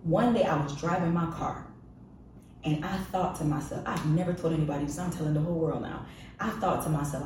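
Woman podcast guest, low register, frank and confessional storyteller, echoey off-mic recording. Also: a little fast, a little mellow, recorded from a distance, a little hiss or hum. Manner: frank and confessional, emphatic repetition. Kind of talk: candid personal storytelling.

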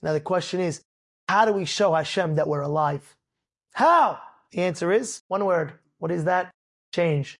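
A man who is a rabbi telling an inspirational story in a sermon, animated and dramatic, acting out the characters and rising to shouts at the peaks. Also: sits high, normal speed, vocal fry.

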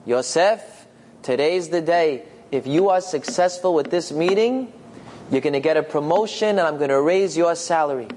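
A man voicing an office boss speaking in a brisk, matter-of-fact way. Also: on the high side, darkish tone, slight background noise, natural voice.

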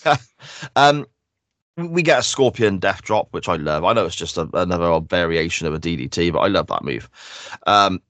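A man's voice: sits low, animated, normal speed, a bit bright, no room sound. A man co-hosting a podcast, chatting casually and enthusiastically as he breaks down a wrestling show. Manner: enthusiastic, analytical. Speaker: podcast co-host.

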